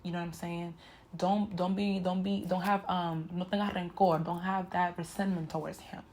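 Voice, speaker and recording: Frank, emotional woman vlogger, lowish voice. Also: flat delivery, normal speed, darkish tone. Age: 20s. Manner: emotional, frank, talks straight to viewers with "y'all" and "you know". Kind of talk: candid personal story told to camera.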